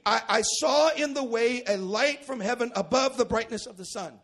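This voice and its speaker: High-voiced man preaching a fiery sermon. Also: moderate pace, hardly any pauses. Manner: swings from quiet asides to shouted exclamations; repeats and restarts words. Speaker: pastor. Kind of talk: sermon with Bible reading. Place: church service.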